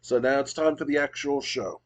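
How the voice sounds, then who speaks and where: A man giving casual commentary on a wrestling management game he plays, reading out match results in a relaxed way with some fillers. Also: mid-range voice, normal speed. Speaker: video game booker.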